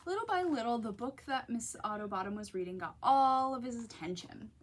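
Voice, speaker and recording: Woman librarian at story time, lively voice and fairly high pitch. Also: a little fast, slight background noise. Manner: animated, talks to children directly. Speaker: children's librarian. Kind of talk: picture-book story time read-aloud.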